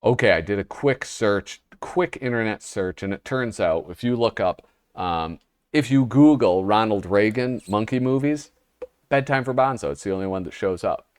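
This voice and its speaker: Wry low-voiced man reading comics aloud. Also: animated, normal speed, smooth, no room sound. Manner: wry, rambling, reads panels aloud in put-on voices. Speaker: host. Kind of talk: casual commentary flipping through a magazine.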